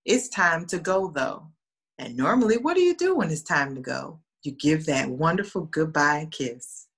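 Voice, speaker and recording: Animated woman telling stories. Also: deep voice, moderate pace, breathy edge. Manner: lively, animated, acts out quoted voices. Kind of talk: casual storytelling.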